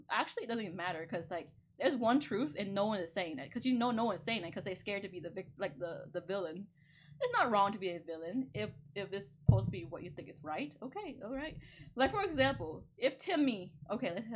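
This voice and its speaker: Woman, streamer, casual rambling chat, laughs often, very lively pitch, faint background hiss.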